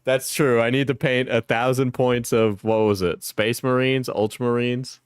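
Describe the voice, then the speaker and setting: A man's voice: mid-range voice, steady tone, moderate pace, clean tone, no room sound, clean studio sound. A male streamer chatting and joking with viewers during a live stream, laughing often. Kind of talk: live stream reaction chat.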